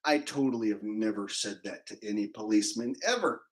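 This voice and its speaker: This livestreamer has a fairly low voice and talks briskly, captured on a rough recording. He rambles and jokes with his live viewers in a loose, off-the-cuff chat.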